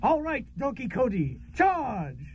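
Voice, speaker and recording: A man's voice: very high voice, wildly swooping pitch, slow pace, background noise, heavily acted. Man doing a pompous gallant knight. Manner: grandiose mock-archaic speech. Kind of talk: radio comedy acting. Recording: dull lo-fi radio recording.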